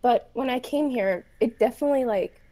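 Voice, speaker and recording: A woman talking as a guest on a casual podcast, soft-spoken and a little hesitant. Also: on the high side, a little fast. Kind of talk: casual chat over an online call.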